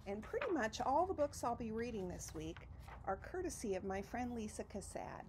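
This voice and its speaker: Expressive woman reading a picture book. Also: a little high, moderate pace, slight background noise, rough recording. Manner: expressive, lively storytelling. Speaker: reader.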